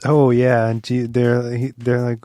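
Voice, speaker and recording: A man's voice: mid-range voice, level tone, unhurried, mellow, no echo, faint music behind. A man co-hosting a podcast, chatting casually about a film and giving brief, easygoing replies. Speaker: podcast co-host. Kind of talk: casual film review chat.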